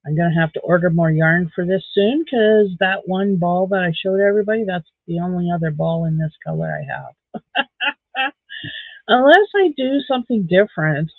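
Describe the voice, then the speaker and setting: A woman's voice: fairly low pitch, moderate pace, no room sound. A middle-aged woman, chatting casually on a live stream while crocheting, rambling along with dry sarcastic asides. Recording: dry, tinny phone-like sound.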